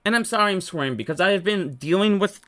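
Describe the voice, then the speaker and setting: A bright, sharp voice pushes through a heated, profanity-laced rant aimed straight at viewers. The speaker sounds fed up and talks in quick, insistent bursts. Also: mid-range voice, lively intonation. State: frustrated. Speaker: stock market commentator. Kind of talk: unscripted solo rant to viewers.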